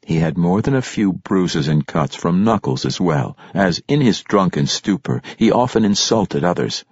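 A man narrating a fantasy audiobook in a measured, expressive storytelling manner. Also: deep voice, breathy edge, no room sound. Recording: dull lo-fi dry recording.

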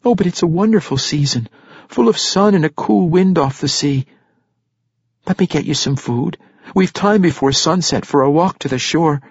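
An actor reading an audiobook, voicing a gentle young halfling who pleads with his father. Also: on the high side, unhurried, husky, dry recording, dull audio, pitched above the performer's own voice. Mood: forced cheer. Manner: pleading, forced cheerfulness.

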